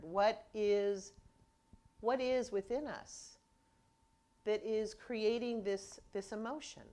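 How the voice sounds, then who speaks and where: A woman's voice: mid-range voice, fairly even intonation, slow pace, pauses often, mellow. A woman minister preaching a conversational sermon, telling stories and acting out people's reactions as she goes.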